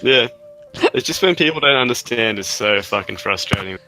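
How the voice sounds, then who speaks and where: A man's voice: mid-range voice, animated, moderate pace, pushed and bright, soft background music. A young Australian man co-hosting a podcast, chatting in a laid-back, joking way and swearing casually. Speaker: podcast co-host. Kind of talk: casual chat.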